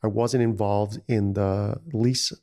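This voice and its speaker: A man's voice: fairly low pitch, fairly even intonation, takes it slowly, darkish tone. A man, a restaurant founder telling stories in a casual interview, rambling with many "you know"s. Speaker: restaurant founder, podcast guest.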